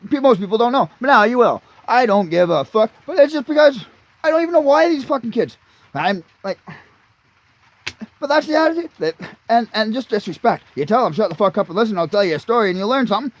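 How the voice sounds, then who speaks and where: A man in his late thirties, ranting angrily and crudely, swearing constantly as he rambles. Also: very high voice. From Canada. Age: 30s. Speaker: vlogger. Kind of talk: profane rambling rant.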